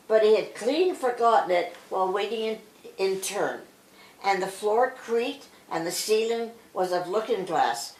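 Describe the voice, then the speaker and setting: An older woman reading a bedtime story aloud, with an expressive storytelling manner. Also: mid-range voice. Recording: roomy echo.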